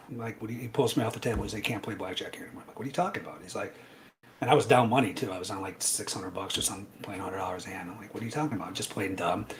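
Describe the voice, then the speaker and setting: Chatty man telling a story. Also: lowish voice. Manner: animated anecdote telling, frequent "right?" and "I'm like". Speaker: trading educator guest. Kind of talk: casual storytelling.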